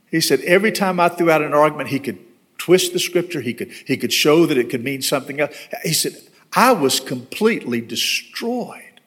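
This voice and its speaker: A man's voice: on the high side, fairly bright tone. A man, a pastor, preaching a storytelling sermon in a church and closing in earnest prayer. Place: church sanctuary.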